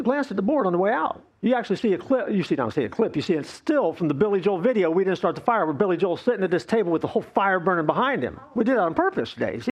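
A male pastor preaching a playful, animated sermon, acting out the voices of complaining people. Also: high-pitched, breathy edge.

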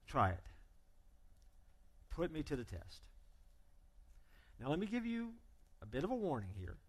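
A man's voice: fairly high pitch, moderate pace, pauses often, breathy edge. A man preaching a sermon as pastor, humorous and emphatic, acting out both sides of imagined conversations. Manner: animated and emphatic.

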